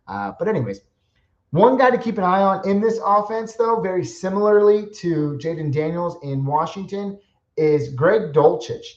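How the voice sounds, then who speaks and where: A man's voice: fairly high pitch, a little mellow. Casual man podcasting in an echoey room. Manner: casual, opinionated, self-correcting with small laughs. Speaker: podcast host. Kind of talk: solo fantasy football analysis. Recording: echoey room, dull lo-fi sound.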